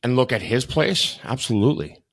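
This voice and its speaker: A man's voice: mid-range voice, expressive, a little fast, creaky, a bit bright, husky. A man co-hosting a podcast, talking casually in rambling sentences. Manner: rambling, many fillers and restarts. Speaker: podcast co-host. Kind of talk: casual conversational chat.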